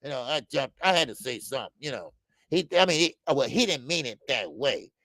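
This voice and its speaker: A man hosting a boxing live stream, reading viewer comments and ranting in an animated way, with many stammered fillers. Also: medium pitch, fairly quick, dry recording. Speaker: boxing channel host.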